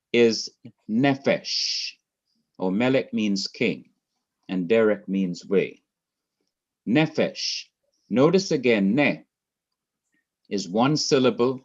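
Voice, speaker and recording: A man teaching a Hebrew grammar class, explaining slowly and carefully with much repetition. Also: on the low side, lively intonation. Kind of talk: recorded class lecture. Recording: dull lo-fi class recording.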